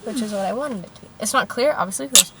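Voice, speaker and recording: A woman's voice: mid-range voice, very fast, very noisy. A young woman co-hosting a podcast, chatting casually and swearing now and then while sitting in a car. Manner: chatty, loose, swears casually, trails off into fillers. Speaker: podcast co-host. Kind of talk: casual chat. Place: inside a parked car.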